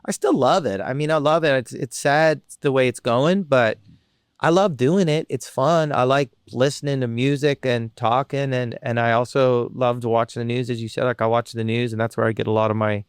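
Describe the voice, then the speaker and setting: A man's voice: medium pitch, moderate pace, smooth, dry recording. Guy, comedian telling stories on a podcast, acts out the people he talks about, super dry close sound. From Canada. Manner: animated storyteller who acts out the people he quotes. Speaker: comedian and radio host, guest. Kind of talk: casual storytelling chat.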